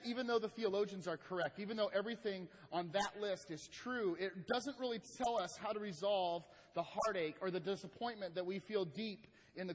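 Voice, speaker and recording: A man preaching a sermon as pastor, swinging from loud emphatic lines to hushed, slow ones. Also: high-pitched. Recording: long hall reverb.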